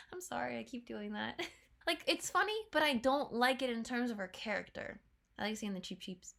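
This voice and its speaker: A young woman talks through her reaction in a bright, slightly high voice. She is chatty and laughs often. Now and then she drops into quick playful character voices. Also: creaky. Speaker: trailer reaction host. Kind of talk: casual reaction commentary.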